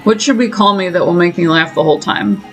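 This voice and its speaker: A woman's voice: fairly low pitch, quick pace, soft background music, poor audio. A woman streamer giving chatty, self-mocking running commentary while she plays a game. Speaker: gaming streamer. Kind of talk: casual let's-play commentary.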